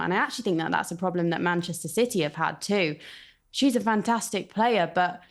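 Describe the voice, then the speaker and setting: Mid-pitched woman reporter, earnest and analytical. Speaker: football reporter. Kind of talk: casual chat.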